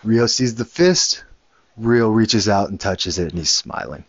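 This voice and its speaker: A man's voice: fairly low pitch, lively intonation, a little slow, husky, no echo, muffled recording. A man, a father, telling a casual story in a rambling way, with many restarts and the odd curse word. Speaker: father and show host.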